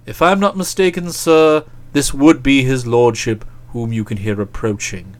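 An actor voicing a deferential gentleman's valet in an audiobook, measured and formal in manner. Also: medium pitch, lightly acted. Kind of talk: audiobook character voice.

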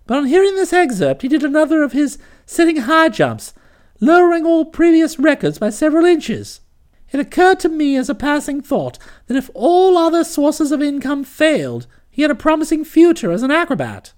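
A woman narrating a comic novel aloud in an expressive, storytelling manner. Her voice is high and full of lively swoops. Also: normal speed. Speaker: audiobook narrator.

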